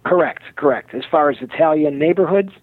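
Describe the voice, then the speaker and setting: A man with a Chicago accent, a festival producer being interviewed, speaking haltingly with many fillers and restarts. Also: fairly high pitch, no room sound. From Chicago, USA. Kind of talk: phone-in interview. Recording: tinny phone line.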